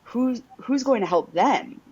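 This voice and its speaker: A woman's voice: fairly high pitch, animated, measured pace, dark tone, slightly rough. A woman hosting a podcast, talking emphatically and bluntly, swearing and leaning on "like" and "right?". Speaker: podcast host. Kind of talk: casual podcast conversation. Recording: dull lo-fi recording.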